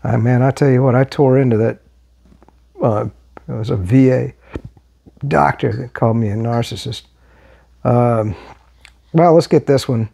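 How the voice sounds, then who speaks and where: An older American man doing rambling, casual political commentary as a vlog host, halting with many fillers and restarts, blunt in tone. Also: medium pitch, vocal fry, mellow, husky. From United States.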